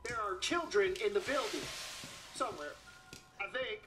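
A man's voice: high-pitched, expressive, normal speed, over music. An actor playing a taunting young male video game villain who mocks the player in a sing-song tone. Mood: mocking.

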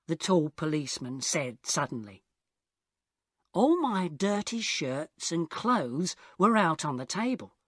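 Woman narrator, slow story reading for learners, lively pitch, dry close sound. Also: dry recording.

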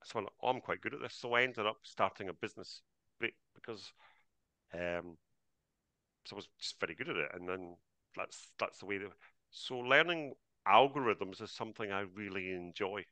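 A man with a lowish, crisp, forceful voice hosts a live online class over a video call. He is chatty and greets each attendee by name. The sound is dry and close. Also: moderate pace, no echo. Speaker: trading coach hosting the class.

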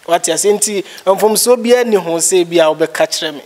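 A man's voice: high-pitched, moderate pace, darkish tone. A man with a Ghanaian accent giving his views in a casual chat, rambling and repeating himself. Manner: rambling, repetitive. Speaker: guest.

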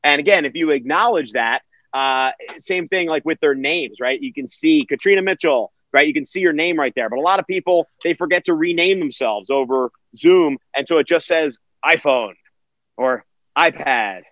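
A man's voice: on the high side, normal speed, fairly bright tone, no room sound, muffled recording. A man who works as a virtual event host, answering interview questions energetically and acting out quotes in other voices.

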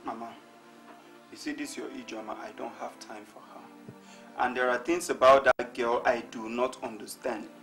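A man's voice: medium pitch, fairly even intonation, moderate pace, a bit bright, soft background music, natural voice, rough recording. An actor playing a young man torn between his lover and his family, with a Nigerian accent, speaking wearily. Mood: exasperated. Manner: weary, exasperated.

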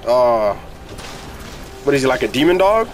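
Excitable young man commentating a game. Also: medium pitch, moderate pace. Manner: excitable, joking reactions, loud outbursts. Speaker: gaming streamer. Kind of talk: casual let's-play commentary. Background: game music.

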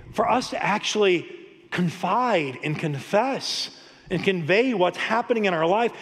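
A pastor preaching a lively, story-filled sermon, often laughing. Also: male voice, sits high. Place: church sanctuary. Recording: long hall reverb.

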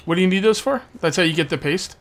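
A man's voice: high voice, lively intonation, fast talker. A man hosting a gameplay channel, chatting casually and teasing his co-players during a multiplayer session. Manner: joking, teasing banter. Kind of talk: casual multiplayer game chat.

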